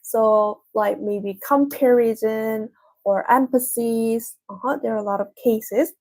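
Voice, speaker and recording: A woman who speaks leads a language lesson. Her voice sits a little high and has a husky edge. She explains patiently and goes back over her examples slowly. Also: fairly even intonation, a little mellow. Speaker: Korean language teacher.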